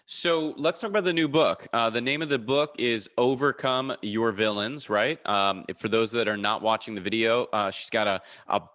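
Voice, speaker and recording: A man hosting a podcast interview, friendly and halting, with many fillers. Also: mid-range voice, fairly bright tone. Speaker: podcast host. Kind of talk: interview questions, casual chat.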